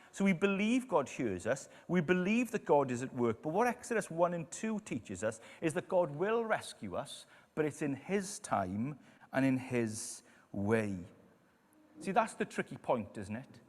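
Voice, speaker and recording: A man preaching a sermon in a church, telling stories and dropping to quiet emphasis on key lines. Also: a little high, a little slow. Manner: storytelling, lively, drops to quiet emphasis. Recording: echoey church hall.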